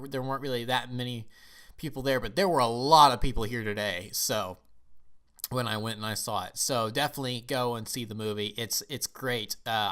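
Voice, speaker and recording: A man's voice: medium pitch, bright, forceful tone. A man from the United States giving a casual, rambling film review vlog, often emotional and restarting his sentences.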